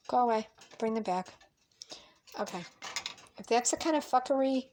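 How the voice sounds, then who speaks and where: A woman's voice: fairly high pitch, darkish tone, slight background noise. A woman talking casually while cooking at home, blunt and emphatic, cursing freely. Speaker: vlogger. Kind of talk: casual cooking vlog with opinionated talk. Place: home kitchen.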